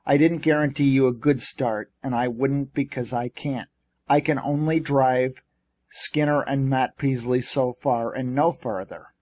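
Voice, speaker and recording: A man's voice: mid-range voice, steady tone, measured pace, a little mellow, no room sound, lightly acted. A man reading as a feisty old shipping boss. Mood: teasing. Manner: bantering, bossy, blustering. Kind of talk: audiobook character reading.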